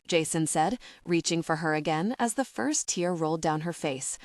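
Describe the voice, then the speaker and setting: A woman reads a romance audiobook aloud in an expressive, steady manner. Her pitch moves with a lively range, and the recording sounds dry and close. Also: moderate pace, hardly any pauses, no echo. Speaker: audiobook narrator. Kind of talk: scripted romance narration.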